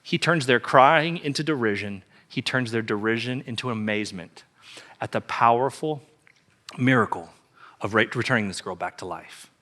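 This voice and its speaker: A man's voice: mid-range voice, moderate pace, pushed and bright. A man preaching a sermon as pastor, telling the story emphatically and repeating key phrases.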